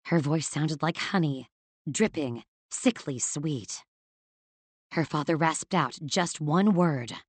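Low-voiced woman narrating a story. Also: slow pace, breathy edge, dry recording. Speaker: audiobook narrator. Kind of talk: scripted fantasy narration.

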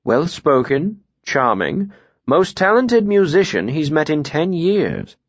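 Man voicing a shrewd imperious nobleman, courtly, commanding, higher voice, dry dull storybook recording. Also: big pitch swings, slow, no room sound, exaggerated voice. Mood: probing.

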